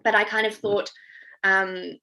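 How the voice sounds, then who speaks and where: A woman's voice: mid-range voice, flat delivery, unhurried, sharp tone. A young woman from New Zealand with a slightly Australian-tinged accent, chatting casually over a video call with lots of ums. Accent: New Zealand, with some Australian. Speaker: veterinarian giving a talk.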